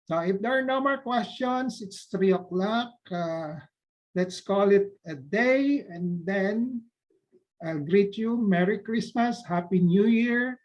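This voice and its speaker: A man's voice: high-pitched, takes it slowly. A man with a Filipino accent, a doctor giving an informal medical talk, mixing English and Tagalog and often checking in with his listeners. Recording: dull lo-fi audio.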